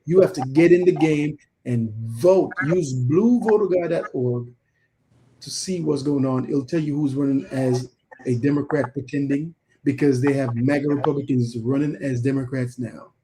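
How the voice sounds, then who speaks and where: A man's voice: medium pitch, normal speed, crowd noise, poor audio. A man co-hosting a casual podcast, earnestly urging listeners to get out and vote. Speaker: co-host.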